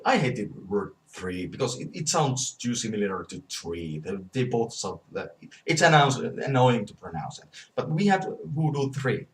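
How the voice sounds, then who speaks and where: Halting man ranting, voice set back from the mic. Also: mid-range voice, distant mic, rough recording. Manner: halting, stammers and restarts often, grows heated. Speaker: gaming vlogger. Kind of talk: opinionated rant.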